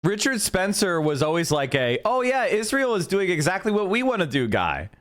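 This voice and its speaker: A man's voice: high voice, sing-song, moderate pace, fairly bright tone. A man commenting on a podcast clip in a sarcastic, incredulous way. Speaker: stream reactor. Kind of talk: reaction commentary.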